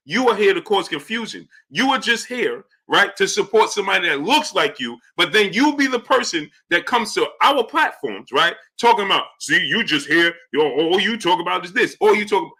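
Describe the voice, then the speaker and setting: A man's voice: high voice, bright, forceful tone. A man hosting a live boxing stream, arguing his points and greeting chat viewers by name. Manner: argumentative, repeats points. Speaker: boxing show host.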